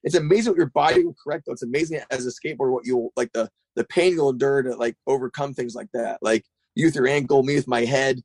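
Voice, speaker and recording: A middle-aged man who runs a skate shop, chatting casually on a podcast, rambling and profane, with animated retellings. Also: mid-range voice, fast talker, hardly any pauses, no room sound.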